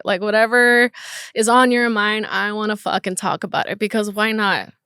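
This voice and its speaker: A woman's voice: on the high side, expressive, a little slow, fairly bright tone, clean tone, dry recording, studio quality. A young woman hosting her first solo podcast episode, talking candidly and nervously, emotional and swearing freely. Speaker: podcast host. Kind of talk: casual solo podcast monologue.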